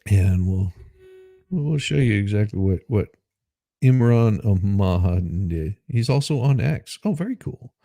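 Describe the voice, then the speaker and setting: A man's voice: fairly low pitch, animated, slow, warm tone. A man hosting his own show, reading news articles aloud and breaking off into sarcastic, rambling asides and self-deprecating remarks. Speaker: host.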